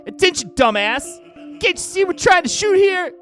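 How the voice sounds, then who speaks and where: Brash, abusive film director in a video game , a man putting him on, high and bright, pitch swinging wildly. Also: sing-song, moderate pace, faint music behind, full character voice. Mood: rude. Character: abrasive male film director, crude and arrogant.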